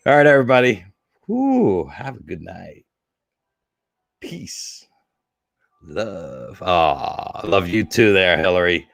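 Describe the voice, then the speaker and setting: A man's voice: low-pitched, very animated, drawn-out words, vocal fry, pauses often, a bit bright, no room sound, studio quality. A man hosting a casual livestream show, rambling and emotional, choked up and teary, with many fillers and restarts. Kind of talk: casual livestream sign-off chat. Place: home.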